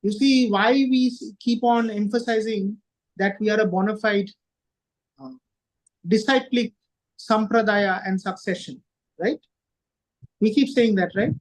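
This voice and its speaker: Male speaker with a high pitch, leading a devotional class; emphatic and repetitive, asks rhetorical questions. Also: unhurried, pauses often, poor audio. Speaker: lecturer on scripture.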